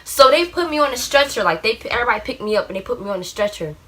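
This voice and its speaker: A young woman with a bright, forceful voice tells a story from her own life in a loose, rambling way. She leans on "like" constantly and jumps into loud acted-out quotes of the people in it. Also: on the high side, lively intonation, racing. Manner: rambling, heavy use of "like", acts out shouted quotes. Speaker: vlogger. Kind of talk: storytime vlog, casual retelling.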